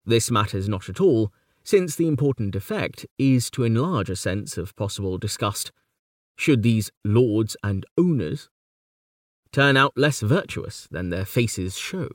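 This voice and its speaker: A man reading a scripted lecture in a measured, precise way, letting quoted lines of verse slow down and swell. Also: mid-range voice, dry recording, studio quality. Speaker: lecturer on poetry. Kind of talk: scripted educational narration.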